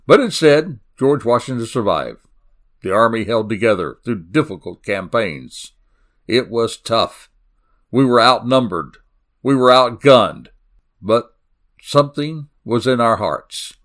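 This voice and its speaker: A man's voice: expressive, a little slow, fairly bright tone. Southern guy hosting a crime podcast, folksy and dramatic, voice jumps up and down a lot. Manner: folksy, dramatic storytelling with sudden pitch swings. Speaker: podcast host. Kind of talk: true-crime podcast narration.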